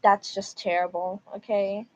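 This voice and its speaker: A woman's voice: medium pitch, level tone, a little slow, darkish tone, dry recording. A woman streamer reading stories aloud and reacting casually, with emphatic remarks. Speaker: livestreamer. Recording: dull lo-fi mic.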